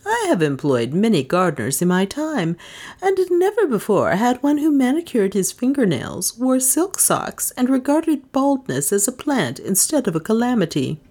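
Woman narrator doing a shrewd old aunt of sixty, dry and chiding, voice pitched up high. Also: big pitch swings, moderate pace, a little mellow, slightly rough. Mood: wry, chiding. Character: sharp-witted indomitable old aunt, sixty.

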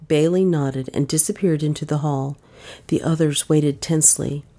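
A woman reading a mystery novel aloud in measured, dramatic narration. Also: low voice, steady tone, mellow. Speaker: audiobook narrator.

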